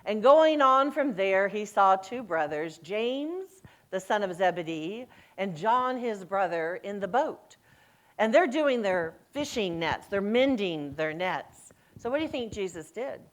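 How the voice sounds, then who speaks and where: A woman's voice: medium pitch, a little slow. A middle-aged woman minister giving a sermon, telling stories with a voice that climbs and drops and acting out the quoted lines. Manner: lively storytelling, voice rising and falling, acts out quoted lines. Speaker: senior minister.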